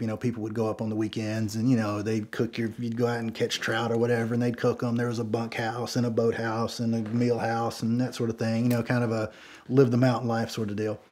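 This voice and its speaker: Husky-voiced man telling a story. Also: medium pitch, darkish tone. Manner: rambling, peppered with "you know". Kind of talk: casual spoken storytelling.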